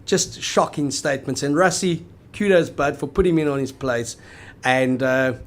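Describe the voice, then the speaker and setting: A man's voice: on the high side, normal speed. A man co-hosting a casual sports chat, arguing at length in an emphatic, analytical way. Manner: emphatic, analytical, long flowing arguments. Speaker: podcast co-host.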